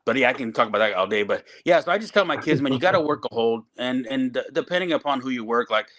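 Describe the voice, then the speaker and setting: Profane middle-aged wrestling trainer talking shop. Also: male voice, medium pitch, fast talker. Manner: profane, animated storytelling. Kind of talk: casual podcast chat.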